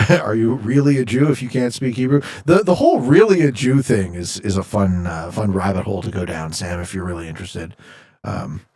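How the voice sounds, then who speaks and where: Streaming a game from Canada, a man reads his chat out loud and tosses back jokes in a relaxed live-stream banter. He speaks briskly and with animation, his fairly low voice carrying a slightly mellow quality.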